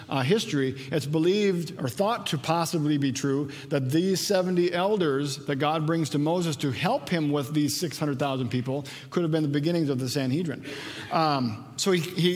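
Man, pastor, conversational sermon, lively quoted lines, echoing sanctuary. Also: on the high side. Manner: conversational, animated when quoting. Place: church sanctuary. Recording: long church reverb.

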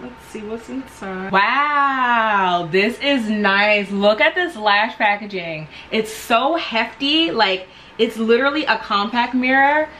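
Gushing woman unboxing products, bright voice. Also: on the high side, a little hiss or hum, low-quality recording. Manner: gushing, enthusiastic. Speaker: vlogger.

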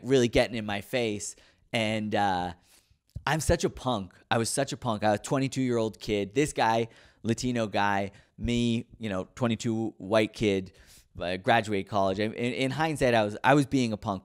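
Rambling, self-mocking man telling stories. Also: mid-range voice. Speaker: podcast host. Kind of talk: casual storytelling monologue.

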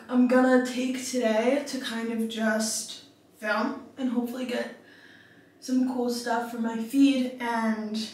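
A woman's voice: on the high side, roomy sound. A young woman chatting casually into a phone camera, talking about her trip, full of fillers and a little out of breath. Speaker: travel vlogger. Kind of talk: casual vlog chat. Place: hotel room and car.

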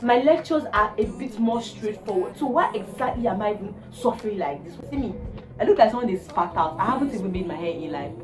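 A young woman, venting in a casual vlog with exasperated, animated talk and bursts of laughter. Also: mid-range voice, quick pace. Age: young adult. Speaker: vlogger. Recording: roomy, distant phone recording with music.

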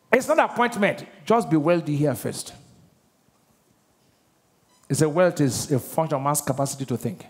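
A middle-aged man with a Nigerian accent preaching a sermon. His voice sits high and swings widely as he throws question after question at the congregation. He acts out short scenes in other voices. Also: breathy edge. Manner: call-and-response questioning, animated, acts out voices. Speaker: pastor.

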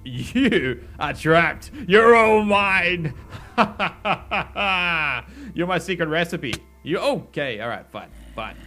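A man giving casual let's-play commentary as a gaming host, excitable and talking to the characters on screen. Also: fairly high pitch. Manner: excitable, talks to game characters. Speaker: gaming YouTuber.

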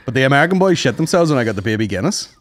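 Northern Irish comedian co-host, animated storyteller, pitch jumps all over, dry close sound, medium voice. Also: male voice, very fast, no room sound. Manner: animated storyteller, sweary, mimics people. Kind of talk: casual chat.

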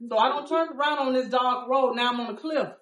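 A woman biker recounts her road trip to a small group, dramatic and full of acted-out quotes, dropping from loud to hushed. She sits at a distance from the mic, and the room rings around her. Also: high-pitched, a little fast, reverberant. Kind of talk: animated storytelling in a group interview.

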